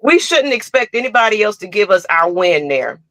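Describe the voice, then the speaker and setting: A woman hosting a casual sports fan livestream, talking in a lively, chatty way and reading viewer comments aloud. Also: mid-range voice, fairly quick, dry recording. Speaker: podcast host.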